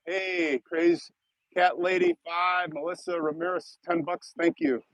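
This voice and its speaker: A YouTube host from Chicago, United States, rambles and chats casually with viewers on a live stream, thanking donors, in a Chicago accent. His voice is high-pitched, steady, unhurried, and fairly bright. The recording is dry, with the highs cut off.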